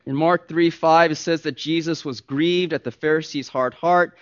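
A pastor preaching a sermon, emphatic and swinging from soft asides to loud stressed points. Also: male voice, on the high side, fairly even intonation, normal speed. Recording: dull lo-fi recording.

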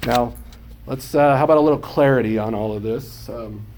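A man leads a Bible lesson in a mellow, relaxed voice, walking students through Greek terms step by step. He keeps stopping to ask whether they follow. Light noise hums faintly behind him. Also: medium pitch, moderate pace. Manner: explanatory, checks understanding with questions. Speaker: Bible teacher.

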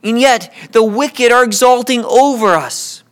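A man's voice: extremely high pitch, a little slow, smooth. A man preaching a sermon with passion, often repeating words as he builds a point.

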